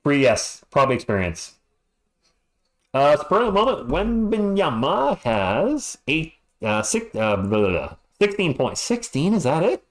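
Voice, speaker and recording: A man's voice: a little high, sing-song, unhurried. A man calling a basketball game live as a fan commentator, chatting and ranting between plays. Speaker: play-by-play commentator.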